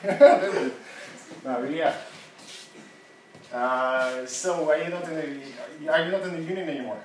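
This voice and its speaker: A man with a fairly high-pitched, darkish voice teaches a seminar in a university classroom, sounding echoey and far away over a little hiss or hum. A native Russian speaker, he's casual and halting and laughs often.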